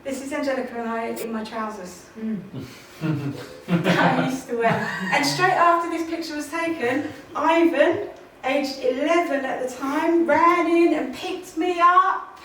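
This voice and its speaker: Woman, motivational speaker, high voice, emphatic and repetitive, very echoey hall, distant mic, noisy. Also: unhurried, fairly bright tone. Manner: emphatic, repetitive, laughs often. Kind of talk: motivational stage talk. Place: large conference hall, on stage.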